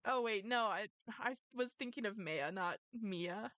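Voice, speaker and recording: A woman's voice: mid-range voice, measured pace, fairly bright tone, no echo. A woman streamer chatting casually over a game, laughing and swearing playfully. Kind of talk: casual gameplay commentary.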